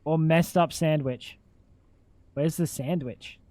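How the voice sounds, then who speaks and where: Speaking slowly, a young man whose high voice carries a darkish tone reacts in disbelief during a casual stream. Crude jokes and swearing fill his chat, recorded close and dry with no room sound.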